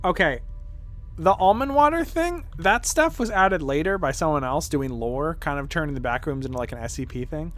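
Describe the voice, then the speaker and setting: A man's voice: on the high side, expressive, moderate pace, a bit bright. A man streaming as a vtuber, chatting casually and rambling through tangents with offhand swearing. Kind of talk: casual gameplay chat.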